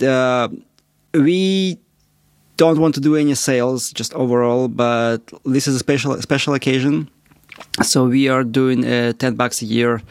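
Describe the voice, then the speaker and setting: A man co-hosting a podcast in casual chat, halting with many restarts and frequent chuckles. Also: mid-range voice, dry recording, clean studio sound. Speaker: podcast co-host.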